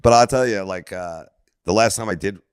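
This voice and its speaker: A man on a podcast dropping dry, deadpan one-liners in casual banter. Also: lowish voice, moderate pace, clean tone, no echo.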